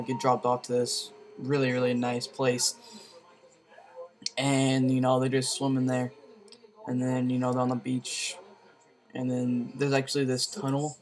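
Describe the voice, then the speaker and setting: A man giving a casual video movie review, rambling with lots of fillers and slang. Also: mid-range voice.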